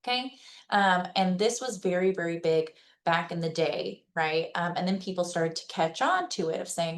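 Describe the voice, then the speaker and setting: Woman presenter with a slightly low voice. Conversational and reassuring, like giving practical tips to a community webinar. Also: expressive, normal speed. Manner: conversational, checks in with listeners by asking "okay?" and "right?"; gives practical advice in a plain, reassuring way. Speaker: presenter at a senior-services webinar. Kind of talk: informal educational presentation.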